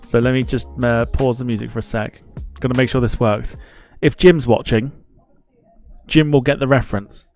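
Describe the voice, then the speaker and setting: A man's voice: mid-range voice, steady tone, normal speed, darkish tone, soft background music. A man hosting a live football watchalong stream, chatting casually, greeting viewers in the chat and laughing at himself as he rambles.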